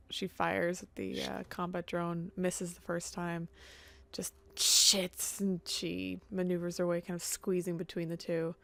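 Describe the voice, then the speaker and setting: Low gravelly woman narrating her turn. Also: a little hiss or hum. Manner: loose, hesitant narration with fillers. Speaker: player. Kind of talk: narrating her character's actions in a tabletop game.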